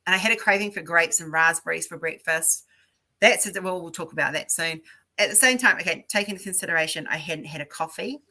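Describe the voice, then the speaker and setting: A woman's voice: sits low, bright, forceful tone. A woman hosting a casual livestream chat, greeting viewers by name and telling stories. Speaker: livestream host.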